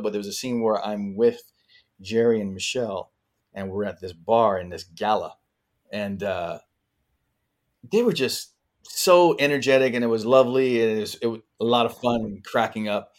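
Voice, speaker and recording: A man's voice: fairly low pitch, moderate pace. Chatty man telling rambling stories. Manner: chatty, rambling anecdotes with frequent fillers. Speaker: actor guest. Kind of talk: casual interview storytelling.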